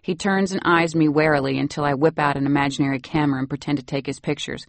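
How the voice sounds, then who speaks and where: A woman narrating a novel in the first person, wry and lively. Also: deep voice, fast talker, hardly any pauses, no echo. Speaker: audiobook narrator.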